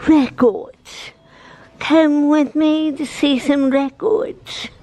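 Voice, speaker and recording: Give me a woman doing an exaggerated, badly done British accent, slow and a bit gravelly. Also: high-pitched, fairly even intonation, dark tone, pitched above the performer's own voice, exaggerated voice. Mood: playful. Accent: put-on British, badly done. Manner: theatrical, exaggerated. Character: woman in a hammy mock-British voice.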